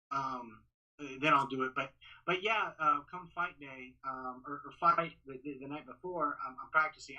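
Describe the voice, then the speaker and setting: A man's voice: a little high, low-quality recording. A man from Texas who works as a ring announcer, talking casually in a podcast interview, often restarting and repeating words. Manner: restarts, repeats words, talks fast and excited.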